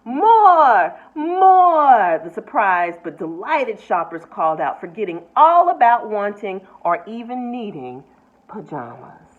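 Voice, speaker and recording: A woman, a nurse, reading a picture book aloud with expressive delivery and asides to her listeners. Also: medium pitch, a little slow. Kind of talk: storybook read-aloud. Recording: tinny phone-like sound.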